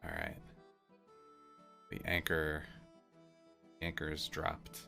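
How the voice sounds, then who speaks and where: Deep-voiced, rambling game master. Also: male voice, big pitch swings, takes it slowly, creaky, sharp tone, faint music behind. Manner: loose and rambling, full of fillers and hedges. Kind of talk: narrating a tabletop game.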